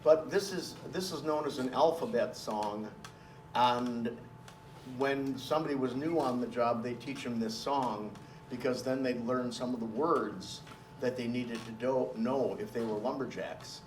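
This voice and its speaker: A man's voice: medium pitch, measured pace, a little hiss or hum. A man, a folk singer and storyteller, talking in a folksy, colloquial way during a live music program for an audience. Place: live performance space with audience. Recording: roomy live recording, mic at a distance. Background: banjo and dulcimer playing.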